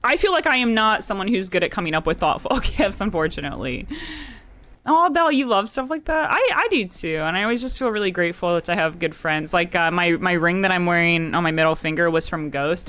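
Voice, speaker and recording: A young woman streaming a game live, chatting with her viewers and breaking into laughs and shrieks. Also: on the low side. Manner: giggly, excitable, shrieks at danger. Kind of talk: live gameplay commentary with chat.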